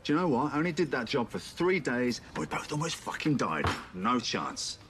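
An actor playing a blunt, sardonic debt collector who swears freely, in film drama dialogue. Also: male voice, mid-range voice, big pitch swings, normal speed, noisy background, lightly acted. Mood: irritated.

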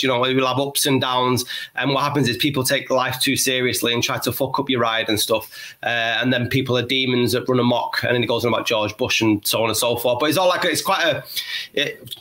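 A man in his forties chats casually on a podcast. His voice is bright and forward. He rambles enthusiastically, often restarting his sentences. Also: mid-range voice. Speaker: podcast co-host. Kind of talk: casual chat.

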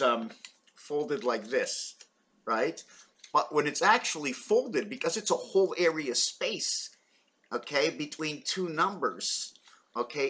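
Middle-aged man, vlog monologue, wandering and excitable, bright forceful tone. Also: on the high side. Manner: excitable, wandering, thinking aloud with many rhetorical questions. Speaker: vlogger. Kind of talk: rambling monologue to camera.

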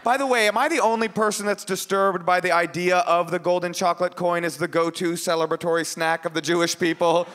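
A man from Oakland performing an animated, ironic stand-up set, then chatting as a guest on a radio show. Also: high-pitched, long reverb tail. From Oakland, USA. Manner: animated, quick, ironic storytelling.

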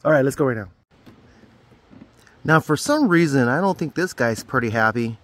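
A man's voice: medium pitch, animated, moderate pace. A man vlogging from an outdoor summer camp, rambling in an upbeat, self-deprecating way as a camp counselor. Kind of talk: casual vlog talk to camera.

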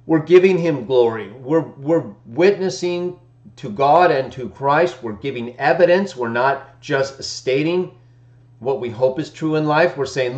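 A man hosting a daily Bible-text live stream, talking in a casual preaching way, argumentative, often asking "right?" and chuckling, his morning voice not quite warmed up. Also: mid-range voice, a little slow. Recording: echoey room, dull lo-fi stream audio.

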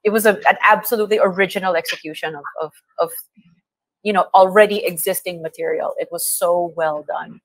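A woman guest on a morning radio show, chatting in an effusive, animated way and often repeating words as she gathers her thoughts. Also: fairly low pitch, a little fast, dry recording. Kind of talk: casual radio chat. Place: radio studio. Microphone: studio mic.

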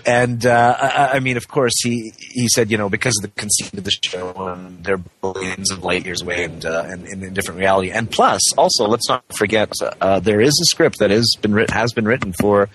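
A man's voice: on the low side, brisk, hardly any pauses, fairly bright tone, slightly rough. A man in his forties who grew up in Canada, a guest actor chatting on a phone interview, talking with lots of fillers and restarts. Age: 40s. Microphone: phone call.

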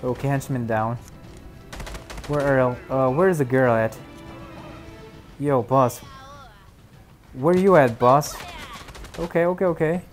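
A young man giving excitable, chatty commentary while streaming a shooter game, dropping to mumbles and then bursting out loud. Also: medium pitch, takes it slowly, long pauses, over music. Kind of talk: live gameplay commentary.

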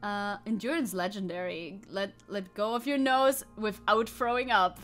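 A woman's voice: mid-range voice, moderate pace, fairly bright tone, faint music behind. Crude, joking woman streamer. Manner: joking, crude, reads game text aloud. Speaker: VTuber streamer. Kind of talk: casual live-stream commentary.

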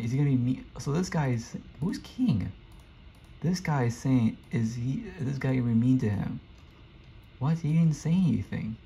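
Recorded through a dull lo-fi mic with faint hiss, this young male streamer speaks at a moderate pace in a dark, mid-range voice. He rambles casually while playing, frequently annoyed and talking to himself.

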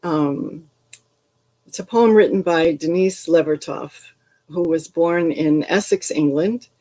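A woman's voice: low voice, warm tone, rough recording. An older woman, a retired English professor, leads a poetry workshop over a video call, speaking thoughtfully with frequent ums and restarts. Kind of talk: reflective workshop talk with poetry readings.

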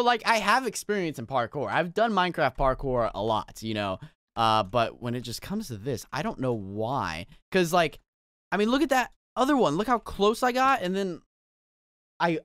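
Young gaming host, exaggerated rage commentary, very lively delivery, smooth dry sound. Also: male voice, medium pitch, no room sound. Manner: exaggerated rage, yelps and shouts. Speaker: gaming YouTuber. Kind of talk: frustrated gameplay commentary.

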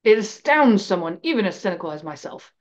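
A stern, cynical male wizard professor barks at his students, gruff and short on patience, as a woman reader puts him on. He speaks in a raised, slightly lifted voice. The audio is a little muffled and lo-fi. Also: medium pitch, sing-song, brisk, close to an everyday voice. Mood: cross. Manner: gruff, cross and impatient.

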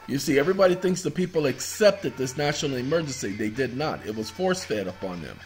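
A medium-pitched, sing-song man talks fast over faint background music. He's hosting his own video, casually rambling through documents he's sharing on screen, addressing viewers as y'all and breaking into bits of songs.

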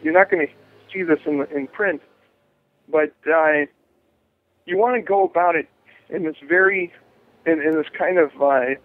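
A man's voice: on the high side, moderate pace, long pauses, no room sound. A man being interviewed as a jury rights activist, talking animatedly, restarting phrases and acting out the voices of others. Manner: animated, acts out quoted voices, many restarts. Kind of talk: interview over phone. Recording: tinny phone line.

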